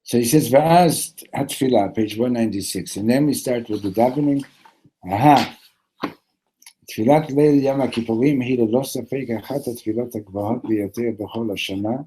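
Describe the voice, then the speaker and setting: Husky-voiced man teaching a Torah class. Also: mid-range voice, very fast, few pauses, rough recording. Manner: acts out characters with sudden loud shouts; mixes in Hebrew and Yiddish terms.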